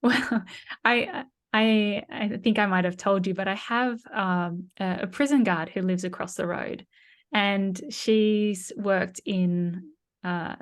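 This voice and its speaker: A middle-aged woman, chatting as an interview guest. She tells stories in an animated, conversational way and often restarts her sentences. Her voice sits in a middle pitch. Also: slow pace. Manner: animated storyteller, frequent restarts and laughs. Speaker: guest communication trainer.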